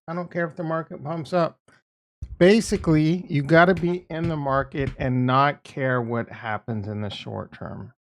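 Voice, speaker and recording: A man's voice: on the high side, a little slow. A man giving casual market commentary as a video host, blunt and profane, repeating his points and getting exasperated. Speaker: crypto and stock market YouTuber.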